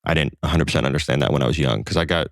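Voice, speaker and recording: A man with an extremely low, deep voice chats as a podcast guest. He talks in a relaxed way, full of fillers and asides. The sound is dry and close. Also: very fast, creaky, no room sound. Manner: relaxed storyteller with frequent fillers. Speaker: podcast guest, co-founder of a satire site. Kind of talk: casual conversation.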